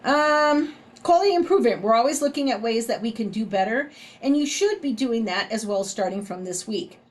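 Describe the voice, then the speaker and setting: A woman's voice: a little high, a little fast, darkish tone. Chatty Southern woman nursing instructor. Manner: conversational, frequent "right?" tag questions. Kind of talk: recorded lecture.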